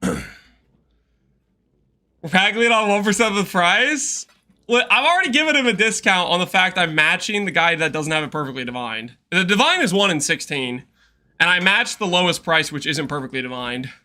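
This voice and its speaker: A man's voice: high voice, animated, moderate pace, sharp tone. A man streaming a game in casual chat, rambling, repeating himself and laughing often.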